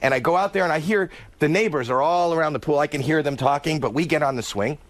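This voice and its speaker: A man who is a guest on a talk show, telling embarrassing stories in an animated, chatty way. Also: fairly high pitch, fast, no room sound. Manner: animated storyteller. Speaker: studio guest.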